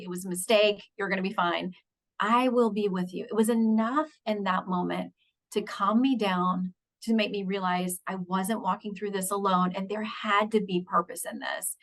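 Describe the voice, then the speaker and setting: A woman's voice: medium pitch, fairly bright tone. Woman guest telling her faith story, earnest, emotional, plain talking voice. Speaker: guest, news anchor and author. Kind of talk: personal faith story in an interview.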